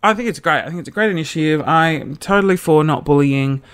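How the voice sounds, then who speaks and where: A woman's voice: deep voice, fast. A woman, a comedian telling a rambling, self-mocking story on her podcast.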